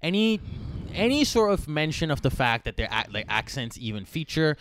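A man's voice: fairly high pitch, very animated, normal speed, a bit bright, a little hiss or hum. Agreeable guy chiming in. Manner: agreeable, chiming in, laughs often. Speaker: podcast co-host. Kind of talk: casual chat.

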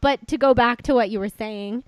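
A woman's voice: fairly high pitch, moderate pace, clean tone, dry recording, poor audio. Young female podcast host, gushing and dramatic, dry close mic. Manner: excitable, chatty, exaggerating. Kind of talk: casual chat.

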